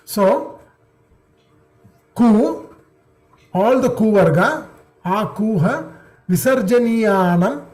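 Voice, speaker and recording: A man teaching an online class. He repeats syllables patiently and checks that the students follow. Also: high voice. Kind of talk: online class drilling pronunciation.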